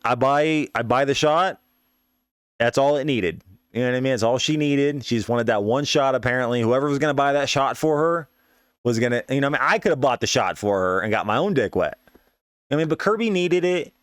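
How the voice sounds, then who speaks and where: With a clear, resonant, medium-pitched voice, a young podcast host casually spins a rambling story full of profanity, asides, and fillers like "you know what I mean." The recording is close-miked and dry.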